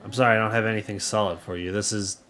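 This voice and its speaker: A grieving frontier mother who muses slowly and speaks softly, read aloud by a man. The voice stays fairly low, with a faint hum of noise behind it. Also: fairly even intonation, close to an everyday voice. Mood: wistful.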